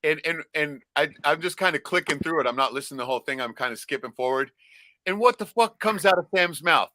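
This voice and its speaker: A man from Alaska telling a profane, rambling story in a casual podcast chat, loudly acting out his own shouts. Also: fairly high pitch, expressive, fast talker, no echo. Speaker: podcast co-host.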